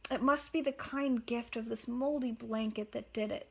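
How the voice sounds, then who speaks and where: A woman reads a sulky teenage boy wizard, mocking and sarcastic, his voice pitched fairly high. He jabs at his father with scornful questions. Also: steady tone, normal speed, vocal fry.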